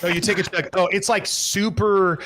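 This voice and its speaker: A man's voice: high voice, fairly even intonation, moderate pace, a loud crowd. A man narrating as game master for a tabletop game in a casual, rambling way with many fillers.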